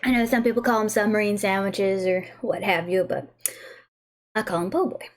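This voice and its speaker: A woman's voice: mid-range voice, fairly even intonation, moderate pace. A woman hosting a casual livestream, bubbly and giggly, who stumbles over words as she reads aloud. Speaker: livestream host tasting snacks.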